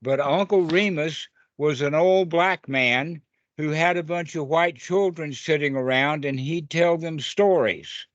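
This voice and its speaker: A man's voice: a little high, unhurried, no echo, muffled recording. A man giving an informal Dharma talk over a video call, telling stories in a rambling, folksy way with lots of fillers. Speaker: meditation teacher.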